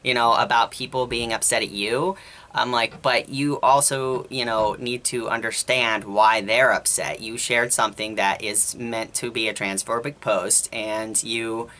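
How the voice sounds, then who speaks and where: Bright-voiced exasperated vlogger ranting. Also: mid-range voice, fairly even intonation, measured pace. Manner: rambling, exasperated, quotes others in conversation. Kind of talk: casual storytime rant.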